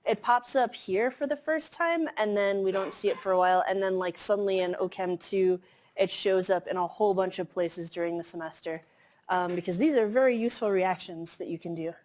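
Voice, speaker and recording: A woman's voice: mid-range voice, brisk, a little mellow. A woman giving a chemistry lecture in a classroom, explaining casually with many fillers. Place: lecture hall.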